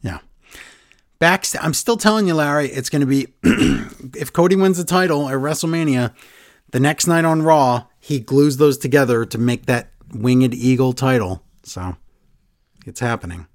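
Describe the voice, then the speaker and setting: A podcast co-host recapping wrestling, a man of medium pitch and moderate pace, chats casually and animatedly retells events, quoting people in funny voices. The studio sound is clean, with no room sound.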